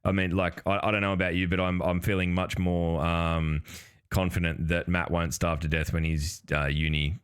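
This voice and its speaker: A man's voice: sits low, flat delivery, normal speed, smooth. An Australian man hosting a podcast in casual chat, sweary and rambling, laughing often. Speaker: podcast host.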